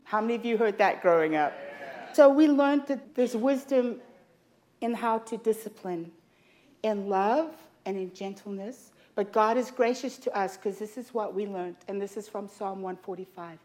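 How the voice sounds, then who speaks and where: A middle-aged woman delivers a sermon to a church congregation at a mid pitch. She tells stories from her own life with a humorous, confiding touch, mixing lessons with laughter. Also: normal speed, darkish tone. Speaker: preacher.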